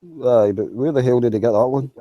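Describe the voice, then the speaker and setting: A man's voice: medium pitch, brisk, dry recording, highs cut off. A man chatting on an online group call, crude and sweary, chuckling as he talks. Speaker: call participant. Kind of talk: casual group call banter.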